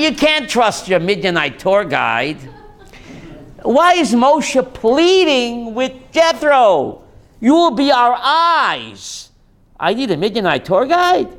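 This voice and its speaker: A man's voice: very high-pitched, a bit bright. A man, a rabbi, giving a joking Torah class to a live audience and putting questions to them.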